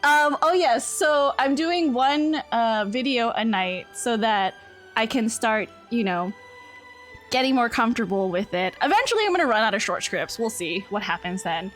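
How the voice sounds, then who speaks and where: A young woman streamer chatting casually with her viewers, giggly, easily distracted and quick to apologize. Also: on the high side, animated, a bit bright, soft background music.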